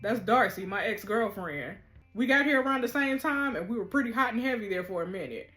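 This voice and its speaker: A woman's voice: fairly high pitch, animated, fairly quick, fairly bright tone, soft background music. A woman reading the lines of an easygoing teenage girl tattoo artist, in a wry, teasing way.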